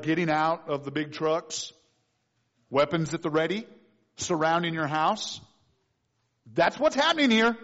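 A man preaching a sermon as pastor, animated and quick to act out voices of the people in the story. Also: fairly high pitch. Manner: animated, acts out voices of figures. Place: church sanctuary. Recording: dull lo-fi recording with long reverb in a church.

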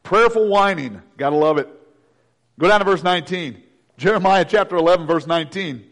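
A man's voice: high voice, a little fast, fairly bright tone. A man preaching a sermon in a conversational way, with joking asides. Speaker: pastor.

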